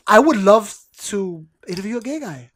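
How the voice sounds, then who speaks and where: A man's voice: sits high, expressive, moderate pace, slight background noise. A man co-hosting a casual podcast, telling loose stories and acting out quotes in goofy voices, laughing often. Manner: loose storytelling, acts out quotes in silly voices. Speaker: podcast co-host. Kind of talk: casual chat. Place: home basement studio.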